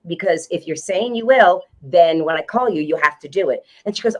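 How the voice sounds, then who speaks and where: An older woman, a guest on a podcast, telling a story slowly with many ums and restarts. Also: low-pitched, low-quality recording. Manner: hesitant storytelling with many fillers. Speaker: guest, comic actress. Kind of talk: casual chat.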